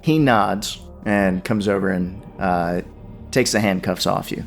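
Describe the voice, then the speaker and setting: A male game master narrating a tabletop horror game in an unhurried way, stopping often for ums and uhs. His voice is somewhat low, with faint music running underneath.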